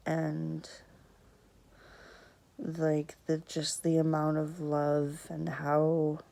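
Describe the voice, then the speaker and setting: A young woman telling a personal story on camera, fighting back tears, speaking haltingly with many pauses and sometimes dropping to a whisper. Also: low voice, creaky, rough recording. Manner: soft, sometimes drops to a whisper. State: tearful, fighting back crying. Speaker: vlogger.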